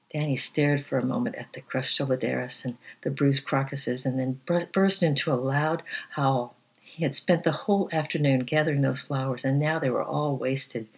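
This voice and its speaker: A man reads a children's story aloud with a husky, breathy voice. His pitch sits in a middle range, and he keeps a gentle, even pace, now and then slipping and restarting a word.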